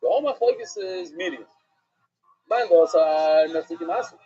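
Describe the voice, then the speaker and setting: A man's voice: fairly high pitch, moderate pace, mellow, slightly rough, soft background music. A man from Brooklyn with a New York accent teaching an informal Talmud class, rambling with conversational asides. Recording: dull lo-fi recording.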